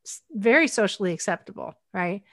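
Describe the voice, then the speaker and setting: A woman's voice: medium pitch, lively intonation, a little fast, a bit bright, no room sound, studio quality. A woman from Northwestern Pennsylvania hosting a casual interview, telling stories in a chatty way and laughing easily. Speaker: podcast host.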